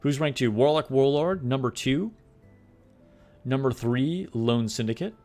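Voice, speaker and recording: A man's voice: medium pitch, unhurried, faint music behind. Chatty young man streaming a game. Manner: relaxed, chatty, laughs often, talks to chat. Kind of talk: casual live-stream chat. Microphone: desk microphone.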